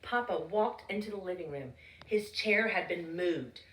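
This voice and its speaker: A young adult woman with a lowish voice reads a children's story aloud, slow, expressive and animated. She sits a little way off from the mic in a roomy space, and the recording sounds distant.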